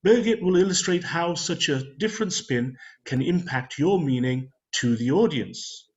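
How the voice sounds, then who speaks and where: A man's voice: on the high side, lively intonation. Man hosting a meeting, dull lo-fi audio. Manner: measured, ceremonial, reads introductions. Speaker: meeting host. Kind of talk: formal speaker introductions. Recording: dull lo-fi video call audio.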